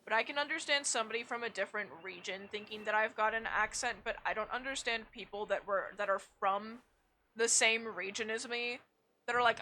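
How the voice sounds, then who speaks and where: A woman's voice: a little high, brisk, bright, forceful tone, a little hiss or hum. A young woman streaming a game, chatting casually, swearing freely and poking fun at herself. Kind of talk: casual gameplay chat.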